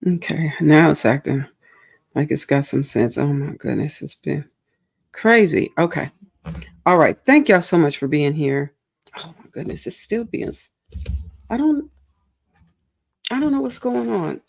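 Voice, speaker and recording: A woman's voice: low voice, normal speed, vocal fry, slightly rough. Giggly, goofy woman hosting a crochet stream. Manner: bubbly and giggly, greets viewers warmly and reads chat aloud; goofy, playful, self-mocking. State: tired. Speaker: crochet livestream host. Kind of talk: casual livestream chat.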